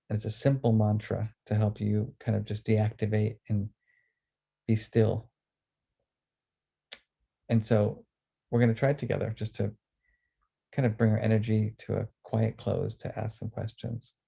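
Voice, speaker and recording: A man with a gravelly voice on the low side hosts a webinar on emotions, talking earnestly and then guiding a slow, calm breathing exercise. The sound quality is lo-fi.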